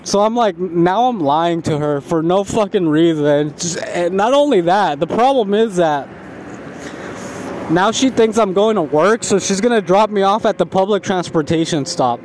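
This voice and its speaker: A man's voice: sits high, animated, normal speed, darkish tone, a little hiss or hum. A young man telling a rambling, profane story about himself in a casual vlog, laughing at himself.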